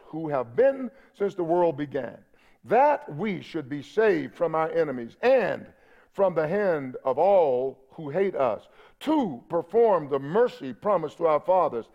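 Fervent high-voiced male preacher. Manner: fervent preaching with calls to the congregation. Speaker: pastor. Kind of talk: sermon with scripture reading. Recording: dull lo-fi church audio.

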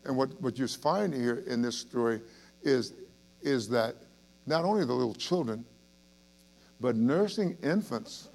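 A man preaching an evening Bible study with a gravelly, creaky voice at an ordinary pitch. He speaks earnestly and emphatically, asks his listeners questions, and often restarts his sentences. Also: lively intonation, measured pace, pauses often, a little mellow. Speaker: pastor.

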